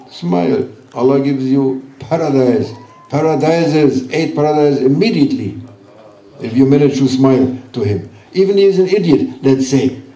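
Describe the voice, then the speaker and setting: A man giving a sermon at a religious gathering, speaking gently and teasingly in broken English to reassure his listeners. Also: medium pitch. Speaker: sheikh giving a religious talk. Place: large hall at a gathering. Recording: roomy hall, voice from far off.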